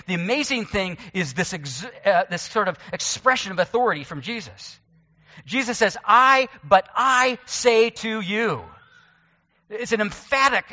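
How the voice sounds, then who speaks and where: A male pastor with a bright, tense voice, pitched a little high, preaching to his congregation. He moves between explanation and light self-deprecating asides. The sound is dull and carries a long church reverb. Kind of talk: sermon. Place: church sanctuary.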